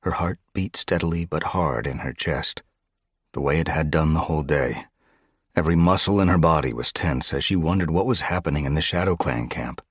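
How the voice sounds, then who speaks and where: Very deep-voiced man narrating. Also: a little fast, slightly rough, no echo, clean studio sound. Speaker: audiobook narrator. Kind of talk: scripted narration.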